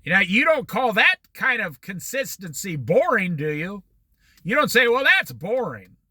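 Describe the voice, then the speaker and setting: A man's voice: high voice, big pitch swings, normal speed, pushed and bright, husky, dry recording. A man giving a motivational talk in a folksy way, repeating his points for emphasis. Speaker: speaker.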